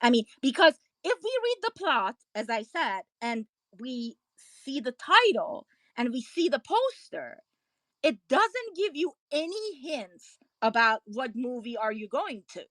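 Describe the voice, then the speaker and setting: A woman's voice: high-pitched, sing-song, measured pace, a bit bright, no echo. A woman on a film podcast panel asking questions in a hesitant, searching way. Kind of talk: casual discussion.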